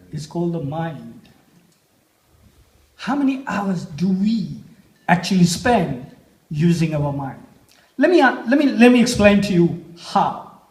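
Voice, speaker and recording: A man giving a motivational talk at a festival, posing slow, deliberate rhetorical questions to the audience. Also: sits high. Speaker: motivational speaker. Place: music festival stage. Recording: echoey live stage sound.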